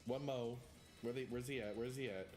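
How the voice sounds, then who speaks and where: A man's voice: medium pitch, fairly even intonation, normal speed, a little mellow. A man streaming a retro game, chatting casually and rambling with self-mocking asides. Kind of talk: casual gameplay chat. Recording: game music behind voice.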